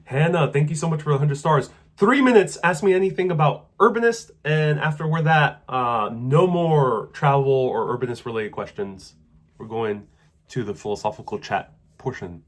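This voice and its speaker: A man hosting a casual live stream, answering viewer questions about travel in a relaxed, rambling way with many fillers. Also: mid-range voice, moderate pace. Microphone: wireless clip-on mic.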